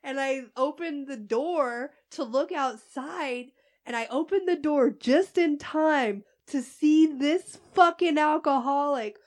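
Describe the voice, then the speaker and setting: A woman with a slightly high voice tells a story at an unhurried pace. She swears freely and keeps breaking into laughter, in relaxed, casual chat.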